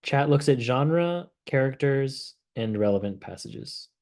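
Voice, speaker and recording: A man hosting a casual software demo livestream, relaxed and thinking aloud as he clicks through the tool. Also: medium pitch, a little slow. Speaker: host of a product livestream.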